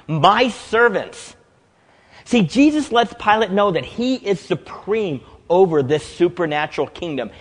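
Preacher with a high voice in an echoing hall. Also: male voice. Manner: dramatic, acts out quoted dialogue with big swings in pitch and volume. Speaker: pastor. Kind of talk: sermon.

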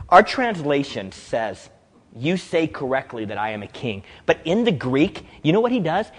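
Preacher with a high voice in an echoing hall. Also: male voice. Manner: dramatic, acts out quoted dialogue with big swings in pitch and volume. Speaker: pastor. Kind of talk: sermon.

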